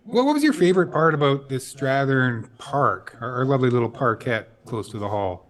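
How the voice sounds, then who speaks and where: A man's voice: mid-range voice, lively intonation, fairly quick. Male host of a live podcast, friendly, keeps the chat moving with questions.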